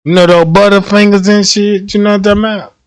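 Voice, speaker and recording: A man's voice: high-pitched, little pitch movement, fast, clear, resonant tone, no room sound. A man hosting a livestream, telling comic stories in casual slang, laughing often and acting out the people he quotes. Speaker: livestream host.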